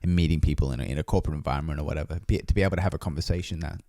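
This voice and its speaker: A young man co-hosting a podcast, rambling and hesitating with lots of restarts and quick laughs. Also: extremely low pitch, warm tone. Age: young adult. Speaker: podcast co-host. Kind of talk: casual chat.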